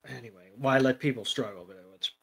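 A man's voice: medium pitch, brisk, creaky, fairly bright tone, husky. A man co-hosting a podcast, casually recapping an episode with sardonic comments and free swearing. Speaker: podcast co-host.

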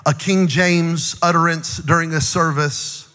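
Joking preacher in a reverberant hall. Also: male voice, a little high, measured pace. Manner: lively, joking preaching with playful acted-out asides and rising shouts. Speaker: pastor. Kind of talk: sermon. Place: large church auditorium.

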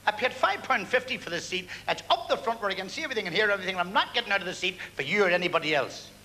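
A male stand-up comedian rattling off one-liners with pauses for punchlines, performing on a large theatre stage. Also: sits high, lively intonation, pushed and bright. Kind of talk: stage stand-up at a variety gala. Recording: archive theatre recording with long hall echo and hiss.

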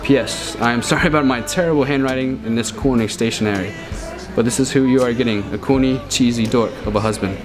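A man's voice: mid-range voice, quick pace. Young guy reading his wedding vows, earnest and tender, music going under it. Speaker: groom. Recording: with music playing over it.

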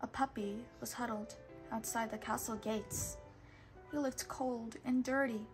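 A woman reading a children's storybook aloud in a steady, patient way, now and then correcting a word. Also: fairly high pitch, a little slow, over music. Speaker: storybook reader.

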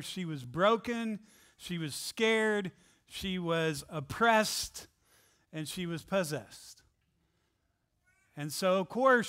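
A man preaching as pastor, joking with his congregation and reading scripture aloud in an animated way. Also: sits high, clean tone. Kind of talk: sermon. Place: church sanctuary.

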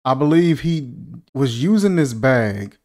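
Guy reacting to an old movie, joking, baffled, lots of rhetorical questions, lively up and down voice. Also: mid-range voice, a little slow. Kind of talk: casual movie reaction commentary.

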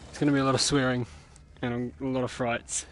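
A young man streaming a horror game live, cursing constantly and yelling when something startles him. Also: medium pitch, level tone, fairly quick. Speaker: gamer streamer. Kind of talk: live gameplay commentary.

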